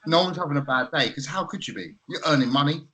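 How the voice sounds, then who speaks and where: A man's voice: a little high, lively intonation, fast, pushed and bright, poor audio. A man co-hosting a casual podcast chat, reminiscing in an easygoing way. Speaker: podcast co-host.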